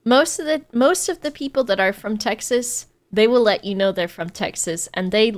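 American woman, casual podcast co-host, a bit high-pitched, playful and jokey. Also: moderate pace. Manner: playful, joking, animated. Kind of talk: casual chat.

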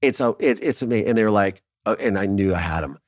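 A man from Ohio, a documentary filmmaker, telling his story in a casual interview in an animated way, swearing freely and acting out what others said. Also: fairly low pitch, fast, no room sound, clean studio sound.

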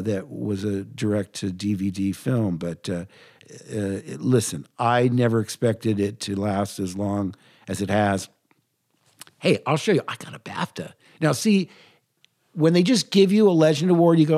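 An older man, a voice actor, telling lively anecdotes in an interview. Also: medium pitch, unhurried. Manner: animated anecdotes, quotes himself in lively voices. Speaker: voice actor guest. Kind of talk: interview storytelling.

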